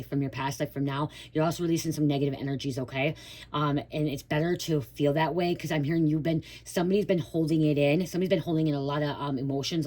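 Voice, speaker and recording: Low-voiced woman giving a spiritual reading. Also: a little mellow. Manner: repetitive and reassuring, often tagging lines with "okay?"; chant-like call and response in the prayer. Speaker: spiritual reader channeling a collective message. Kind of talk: casual spiritual reading with a spoken prayer.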